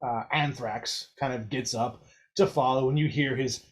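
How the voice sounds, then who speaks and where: A man's voice: medium pitch, fairly even intonation, normal speed. Chatty man narrating as game master. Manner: chatty, descriptive, with frequent fillers and laughs.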